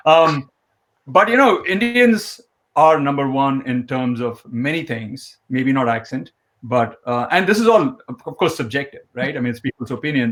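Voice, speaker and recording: A man's voice: medium pitch, fairly bright tone. Chatty male host of a live show. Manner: chatty, joking, with many fillers and restarts. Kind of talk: live online interview.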